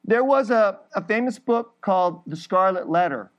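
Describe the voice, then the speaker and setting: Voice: mid-range voice, expressive, moderate pace, highs cut off. A preacher giving an emphatic sermon, building through repeated phrases and laughing briefly between points.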